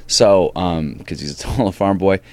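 A man, a comedian and actor, telling an animated story in a casual interview, acting out quoted lines with lots of restarts. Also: deep voice, normal speed.

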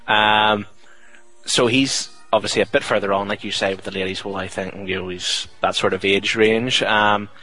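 A man's voice: fairly low pitch, steady tone, normal speed, pushed and bright, no room sound, faint music behind, rough recording. A young man, a podcast host chatting casually and jokily, rambling with fillers. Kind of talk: casual chat.

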